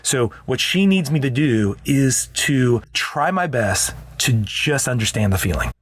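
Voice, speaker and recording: A man's voice: mid-range voice, big pitch swings, unhurried, husky, dry recording. Earnest male podcast co-host. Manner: earnest, explanatory, with frequent restarts. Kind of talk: casual parenting chat.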